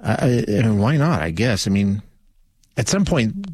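In a fairly low, darkish voice with a breathy edge and big pitch swings, a man hosts a call-in radio show at a slightly slow pace. He talks conversationally with many restarts and fillers, and the recording is dry.

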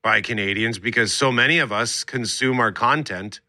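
Male radio host, bright tone, dry close studio mic, easygoing delivery. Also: mid-range voice, moderate pace, no echo. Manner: relaxed, reads survey results aloud. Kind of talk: casual radio chat.

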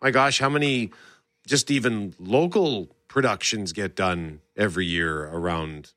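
A man's voice: fairly low pitch, unhurried, a bit bright, no echo, clean studio sound. A male host chatting casually about pop culture, enthusiastic and rambling, often restarting his sentences. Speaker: show host. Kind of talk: casual entertainment talk.

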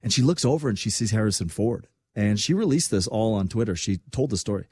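A man hosting a casual talk radio show, telling stories in an animated, emphatic way. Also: on the low side, quick pace, slightly rough, dry recording, clean studio sound.

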